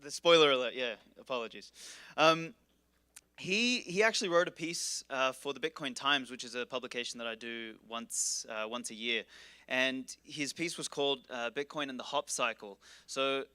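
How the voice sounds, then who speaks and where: Bright, irreverent man joking on stage. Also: mid-range voice, moderate pace, clear, resonant tone, dry recording. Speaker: conference speaker introducing a keynote. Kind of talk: casual stage introduction. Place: conference stage.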